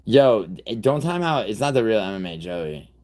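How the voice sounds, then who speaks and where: A man hosting a live stream, chatting loosely with viewers in a profane, rambling way, with sudden loud outbursts. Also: fairly low pitch, sing-song, normal speed. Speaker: livestream host. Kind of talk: casual live-stream chat reacting to viewers.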